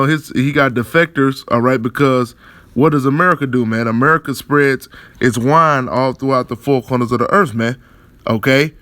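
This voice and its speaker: A man's voice: mid-range voice, fairly bright tone, no echo. A man giving rambling, profane religious commentary on news articles, often chuckling and repeating fillers and tag questions. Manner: chuckles often while talking.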